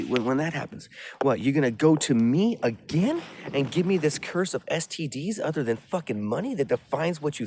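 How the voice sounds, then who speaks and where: A man's voice: on the high side, slight background noise. A man in a rambling, agitated, profane monologue who keeps repeating himself.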